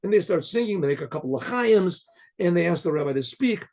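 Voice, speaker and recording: A man, a rabbi, telling a story with frequent throat clearing and repeated words. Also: sits high, lively intonation, a little fast, a little mellow.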